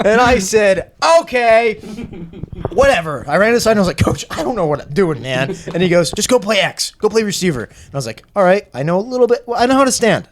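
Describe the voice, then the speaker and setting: A young man tells a long story on a podcast, casual and self-mocking, acting out everyone's lines. His pitch sits a little higher than most men's and jumps around a lot as he gets into it. A faint hiss runs under the recording. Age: young adult. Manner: animated, self-mocking, acts out quotes. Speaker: podcast guest.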